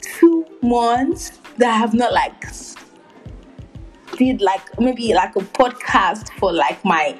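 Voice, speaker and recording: Young woman, podcast host: slow, giggly, rambling delivery full of fillers, faint music underneath. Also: a little high, expressive, rough recording. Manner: giggly, heavy use of filler words, many restarts. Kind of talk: casual podcast chat.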